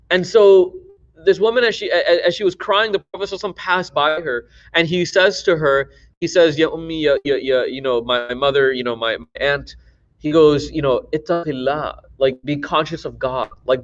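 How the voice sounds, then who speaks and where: Young male youth teacher, rapid-fire and animated, acting out his stories, on muffled lo-fi audio. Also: on the high side. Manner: animated, laughing, acts out quoted voices. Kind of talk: casual religious talk to teens. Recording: dull lo-fi audio.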